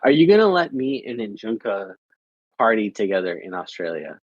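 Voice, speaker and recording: Husky young American man chatting. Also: fairly low pitch, very animated, moderate pace, no echo, muffled recording. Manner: rambling, repeats filler phrases. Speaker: livestreamer chatting with viewers. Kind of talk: casual chat.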